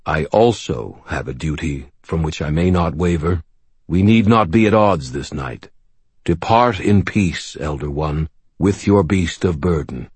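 A man voicing a huge unseen ancient being who speaks in slow, formal, archaic words with a resonant voice. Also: low-pitched, lively intonation, breathy edge, no echo, voice pushed up, heavily acted. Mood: solemn, respectful. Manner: slow, measured and stately. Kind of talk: audiobook character voice.

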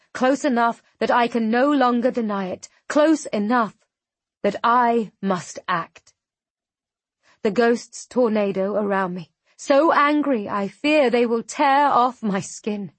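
A woman narrating a fantasy audiobook in the first person, measured and tense. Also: on the high side, breathy edge, no echo.

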